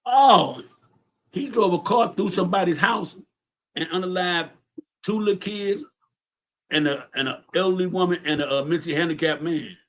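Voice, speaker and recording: A man's voice: sits high, normal speed. A man telling a long story in casual, profane street talk, often repeating his words.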